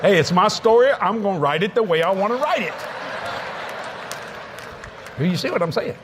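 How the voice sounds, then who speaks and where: A man's voice: sits high, normal speed, crowd noise, noisy background. A man preaching a sermon at a convention, telling funny stories with laughing asides. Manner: storytelling, laughing, lively asides. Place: convention hall.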